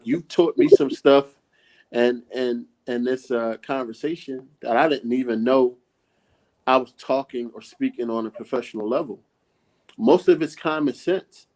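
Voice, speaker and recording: A man's voice: mid-range voice, darkish tone, rough recording. A middle-aged man, a youth coach, talking earnestly and straight in a casual podcast conversation. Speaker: coach, mentor.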